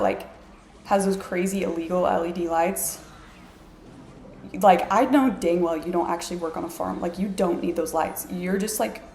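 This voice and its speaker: A woman's voice: lowish voice, a little mellow. A woman vlogging from her apartment, telling a story in a chatty, self-mocking way with lots of "like". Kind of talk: casual storytelling to camera. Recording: echoey room.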